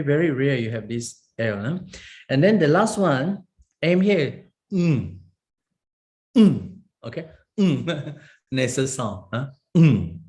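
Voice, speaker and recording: A man acting as a monk runs a beginner Pali class, practicing each sound separately and checking understanding with "okay?" He chuckles a lot as he explains, in a mid-range, somewhat mellow voice.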